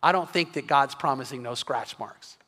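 A man's voice: medium pitch, moderate pace, sharp tone. A man preaching an evening sermon, telling stories earnestly and often restarting his sentences. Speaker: pastor. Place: church sanctuary. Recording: long reverb of a church hall.

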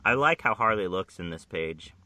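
A man's voice: low-pitched, lively intonation, moderate pace, sharp tone, slight background noise. A man reading a comic book aloud with a friend, in a profane, rambling, jokey casual chat.

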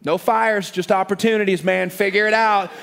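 A man's voice: high voice, fairly even intonation, normal speed, gravelly, fairly bright tone, big-room sound. A man doing a breezy, dismissive boss on the phone. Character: brushed-off busy male boss on the phone. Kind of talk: sermon anecdote.

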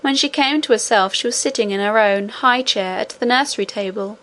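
A woman reading a children's fantasy story aloud in a measured way. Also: a little high, a bit bright. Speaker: audiobook narrator. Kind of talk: scripted narration.

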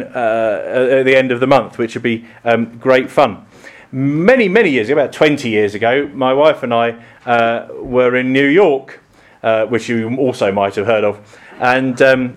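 Chatty English priest preaching. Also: male voice, mid-range voice, moderate pace. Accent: southern English. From England. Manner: chatty, self-deprecating, many ums and restarts. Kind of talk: sermon. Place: church.

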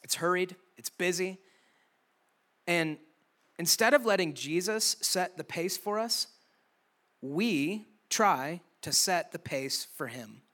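A man's voice: sits high, lively intonation, slow pace, sharp tone. A young man preaching a youth sermon to a room of students, casual and conversational with light humor. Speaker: youth pastor. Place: church room with a youth audience.

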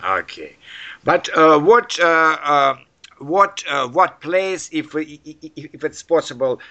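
Halting man asking questions. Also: a little high, animated, bright, forceful tone. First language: Russian. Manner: halting, with many fillers and restarts. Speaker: interviewer. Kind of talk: casual conversation in a second language.

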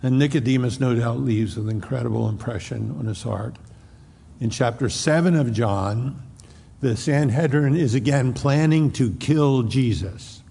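Male preacher with a gravelly, husky voice, retelling scripture in a reverberant hall. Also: mid-range voice, unhurried, warm tone. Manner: storytelling, frequent restarts, acts out quotes. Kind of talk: expository sermon.

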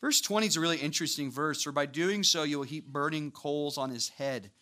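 A man preaching a sermon, walking through scripture with lively, casual asides and acted-out voices. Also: on the high side, brisk. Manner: animated, acts out voices of biblical figures with casual asides.

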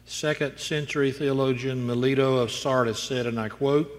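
A man's voice: medium pitch, fairly even intonation, normal speed, few pauses. A male pastor preaching a sermon, moving from storytelling to emphatic declarations. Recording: long reverb in a large hall.

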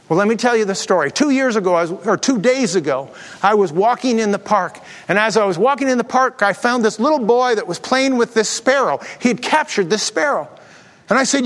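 A man's voice: high-pitched, sing-song, brisk, a bit bright. A man preaching a sermon, telling stories with jokey asides and acting out the voices of the people in them. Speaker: pastor. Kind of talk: sermon with storytelling and jokes. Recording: long hall reverb.

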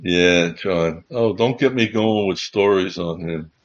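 A man's voice: sits low, slow, a little hiss or hum. A man, a chaplain hosting a Bible livestream, telling rambling stories in a casual way, with many restarts. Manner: rambling, restarts, chuckling as he recalls. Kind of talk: casual anecdotal storytelling. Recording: dull lo-fi stream audio.

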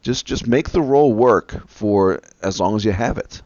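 A man in casual conversation, expressive with dry humor. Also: fairly low pitch, moderate pace, no echo. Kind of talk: casual chat. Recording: dull lo-fi sound.

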